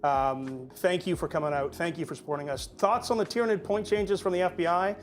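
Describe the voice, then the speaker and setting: Male stream host, fairly high voice, chatty and jokey, faint music under him. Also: brisk. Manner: chatty, jokey, thanks viewers. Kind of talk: casual chat.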